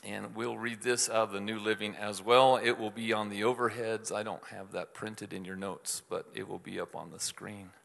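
Bright-voiced pastor in an echoing hall. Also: male voice, fairly low pitch, little pitch movement, normal speed, creaky, few pauses. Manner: informal, chatty, with frequent restarts and asides to the congregation. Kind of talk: conversational sermon. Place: church hall with screens. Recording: long reverb of a large hall.

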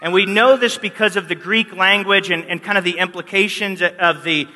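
A male pastor with a high voice and sharp tone speaks at normal speed during a sermon. He narrates animatedly and acts out the quoted lines, all under a long hall reverb.

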